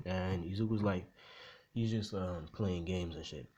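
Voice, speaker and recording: A young man with a very deep voice tells a story casually, rambling and swearing with plenty of ums and likes. A faint hiss sits under the recording. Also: measured pace, muffled recording. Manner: rambling, profane, full of fillers.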